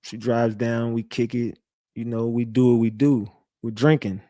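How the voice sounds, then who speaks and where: A man's voice: medium pitch, level tone, normal speed, mellow, dry recording, clean studio sound. A man hosting his own online show, telling stories to his viewers in a casual, profane, rambling way. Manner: profane, rambling, conversational storytelling.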